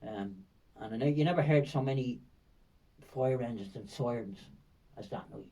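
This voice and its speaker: An older man with a Dublin accent tells vivid, winding stories as a podcast guest, looping back with fillers and repeated words. His voice is dark and mellow. He sits a little away from the microphone. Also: medium pitch, normal speed, recorded from a distance, low-quality recording. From Ireland. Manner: rambling, vivid storytelling with frequent fillers and repetitions. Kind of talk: storytelling in a podcast interview.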